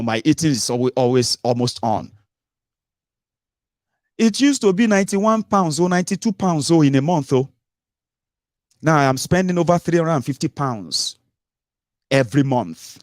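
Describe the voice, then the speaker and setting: A middle-aged Nigerian-accented man hosts a casual political talk from his home, his voice sitting at an ordinary pitch but leaping up when he gets animated. He fires off rhetorical questions and drops into pidgin, and the recording is close and dry with no room sound. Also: no echo. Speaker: radio and online show host.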